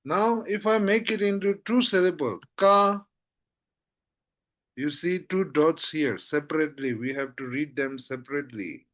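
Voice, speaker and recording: A man teaching a language lesson, repeating syllables slowly and often checking that his listener follows. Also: on the high side. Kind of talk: slow spoken lesson.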